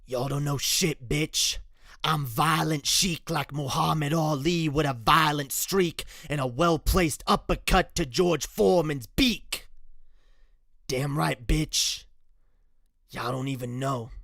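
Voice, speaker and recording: A woman's voice: deep voice, extremely slow, gravelly, few pauses, fairly bright tone, no echo, studio quality, heavily acted. A woman putting on her masculine rap voice as a brash, swaggering rapper. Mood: boastful.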